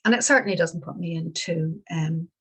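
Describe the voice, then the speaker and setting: A middle-aged woman giving a dharma talk as a Buddhist teacher, gentle and reflective, pausing and restarting often. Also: fairly low pitch, breathy edge, poor audio.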